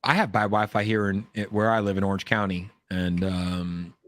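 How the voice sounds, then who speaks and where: A man hosting a livestream from his home, chatting excitedly and repeating himself to rally the viewers. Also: sits low, moderate pace, dry recording. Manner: hyped, repetitive, shouts out chat. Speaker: livestream host. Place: home in Orange County.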